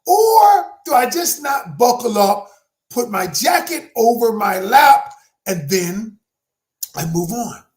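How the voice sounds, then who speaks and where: Male relationship coach, animated and emphatic, motivational storyteller. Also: extremely high pitch, takes it slowly. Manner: emphatic, dramatic storyteller who addresses the audience directly. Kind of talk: motivational talk with personal story.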